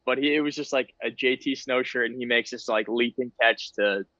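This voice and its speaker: A man's voice: mid-range voice, a little fast, pushed and bright, no echo, dull audio. A man in his thirties, a guest on a podcast, talking in an easygoing, self-deprecating way. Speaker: guest ballplayer. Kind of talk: casual interview chat.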